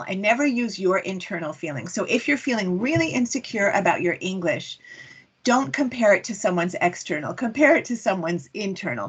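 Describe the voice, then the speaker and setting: A woman speaks as a communication coach in an online workshop, with an animated, wide-ranging pitch. Her voice is slightly husky and breathy. She keeps asking rhetorical questions to draw listeners in. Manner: lively, poses rhetorical questions.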